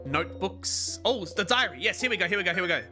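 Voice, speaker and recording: A streamer giving excitable let's-play commentary on a game, laughing often and reading lines aloud. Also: medium pitch, fast. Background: game music.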